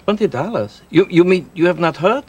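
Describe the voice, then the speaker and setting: A man playing a friendly, animated shopkeeper who puts on his customers' accents. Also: sits high, brisk, lo-fi sound. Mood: excited. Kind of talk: children's video acting.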